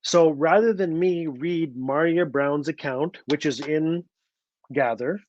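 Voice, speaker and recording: A man telling a story at an online book event, earnest and halting, repeating words as he goes and acting out what others said. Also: on the high side, darkish tone, a little hiss or hum. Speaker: author and storyteller. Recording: dull, dry sound.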